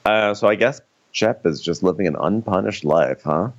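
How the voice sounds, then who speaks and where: A man's voice: moderate pace, highs cut off. A man co-hosting a comedy podcast, recapping a reality show and acting out the cast in squealy voices. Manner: animated, acts out cast members in high squealy voices. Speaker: podcast co-host.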